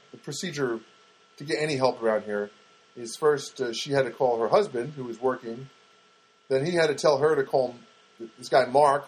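A man's voice: mid-range voice, husky, poor audio. A man, a comedian, telling a wry, rambling anecdote with many asides and acted-out dialogue. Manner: digressive, wry, full of restarts and acted-out quotes.

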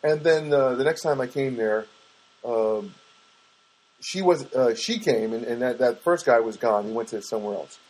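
A man's voice: medium pitch, moderate pace, a little mellow, low-quality recording. A man in a rambling, casual monologue, hesitant and full of restarts, with wry asides. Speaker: vlogger.

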